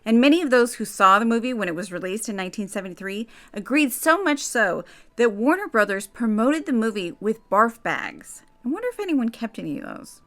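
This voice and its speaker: A woman's voice: a little high, sing-song, a little fast, fairly bright tone, soft background music. A woman hosting her own video channel, giving chatty and dramatic commentary with casual asides. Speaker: YouTube host. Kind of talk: casual scripted commentary to camera.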